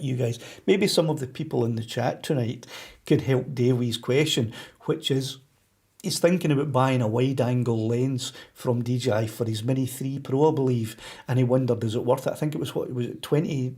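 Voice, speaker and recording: Mellow-voiced Scottish man chatting on a live stream. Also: mid-range voice. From Scotland. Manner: chatty and rambling, with frequent restarts and soft laughs. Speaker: YouTube drone channel host. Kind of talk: casual live-stream chat.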